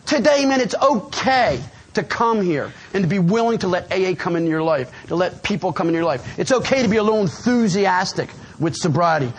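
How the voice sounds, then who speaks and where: A man with a New Jersey accent telling his recovery story to a live meeting in an animated, streetwise way, often dropping "man" and "you know what I mean". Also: sits high, brisk. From New Jersey, USA. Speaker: AA speaker. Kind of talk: speaker share at a recovery meeting. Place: meeting room before a live audience.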